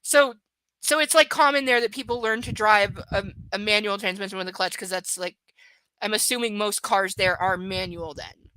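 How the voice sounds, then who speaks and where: A woman hosting a live book reading stream, chatting casually with her viewers in a halting way, full of fillers and restarts. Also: medium pitch, pushed and bright, no echo, low-quality recording. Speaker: livestream host reading a book.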